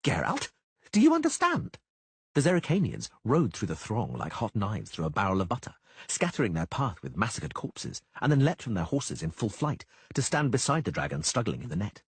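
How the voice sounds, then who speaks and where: Male audiobook narrator, husky and very animated, dry close sound. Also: on the low side, a little fast, dry recording. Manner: dramatic, animated delivery. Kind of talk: scripted fantasy audiobook narration.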